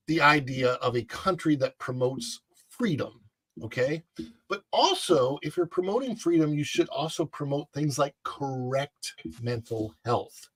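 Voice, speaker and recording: A man's voice: fairly high pitch, expressive, measured pace, fairly bright tone, no echo. A man co-hosting a casual chat show, talking in a rambling, opinionated way with lots of restarts. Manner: rambling, many fillers and restarts. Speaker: co-host.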